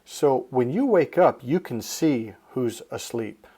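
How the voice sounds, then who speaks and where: Lively-voiced middle-aged man vlogging. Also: medium pitch, slow, husky. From Northern California. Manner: animated, swears freely, acts out other people's lines. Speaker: self-help vlogger. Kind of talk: casual motivational monologue.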